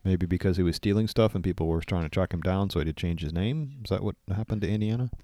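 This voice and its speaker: A man co-hosting a casual podcast, talking in a dry, deadpan, teasing way into a studio microphone. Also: low voice, fast talker, no room sound. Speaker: podcast co-host. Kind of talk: casual banter.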